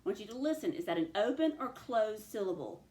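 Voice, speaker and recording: A warm, sing-song woman's voice at medium pitch takes young pupils through phonics, sounding out words in a slow, stretched-out way. The room sounds roomy.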